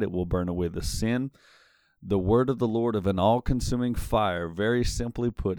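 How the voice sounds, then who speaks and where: Low, smooth-voiced man preaching a sermon. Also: a little mellow, dry recording, clean studio sound. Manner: measured, emphatic scripture reading.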